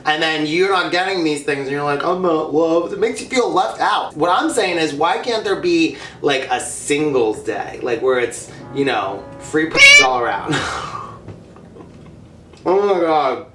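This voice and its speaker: A man's voice: mid-range voice, sharp tone, reverberant. A man hosting a casual mukbang vlog, chatting and laughing as he eats candy. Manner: chatty, laughing, talking while eating candy. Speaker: vlogger.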